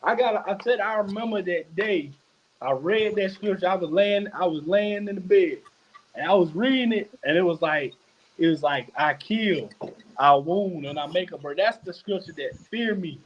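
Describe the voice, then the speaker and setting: A man co-hosting a podcast, telling stories in an animated, profane, casual way. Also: high-pitched, normal speed. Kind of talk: casual chat. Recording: dull lo-fi mic.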